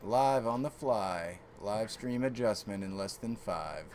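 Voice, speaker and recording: A man's voice: fairly low pitch, unhurried, a little mellow, a little hiss or hum. A man hosting a live stream from home, talking in a laid-back way and swearing casually while he fixes the audio.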